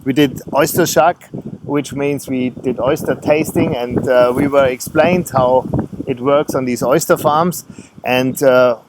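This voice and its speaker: A man's voice: mid-range voice, steady tone, unhurried. German guy asking questions, friendly, lots of uh's, little noise behind. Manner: friendly, searching for words, many fillers. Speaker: travel vlogger interviewer. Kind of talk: casual interview.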